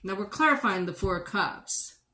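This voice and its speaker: A woman giving a livestream tarot reading, blunt and sarcastic and quick to swear. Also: mid-range voice, lively intonation, bright, forceful tone. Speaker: tarot reader. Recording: echoey room with background noise.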